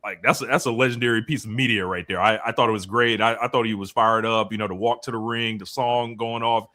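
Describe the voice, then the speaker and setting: A man talking casually on a livestream, relaxed and slangy, often restarting his sentences. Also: fairly low pitch, fast. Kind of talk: casual chat.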